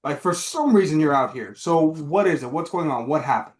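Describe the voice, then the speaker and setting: A man's voice: fairly high pitch, lively intonation, brisk, roomy sound. A man co-hosting a movie review podcast, talking in a loose, rambling, profane way. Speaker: podcast co-host. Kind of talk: casual movie review chat.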